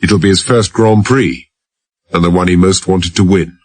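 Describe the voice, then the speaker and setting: Incredulous male racing driver, raised and protesting, voiced by the reader, husky. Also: sits low, steady tone, moderate pace, a little mellow, no echo, voice pushed up.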